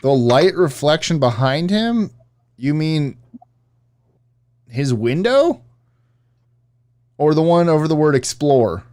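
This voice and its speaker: A man's voice: on the high side, sing-song, slow, long pauses, darkish tone. A man co-hosting a casual live stream, rambling and correcting himself as he answers chat.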